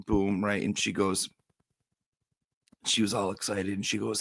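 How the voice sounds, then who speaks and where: A man hosting a casual livestream, reading viewer comments and telling stories in an animated way. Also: fairly low pitch, moderate pace, gravelly, long pauses, no echo. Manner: animated storyteller, reads viewer comments aloud. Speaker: live stream host.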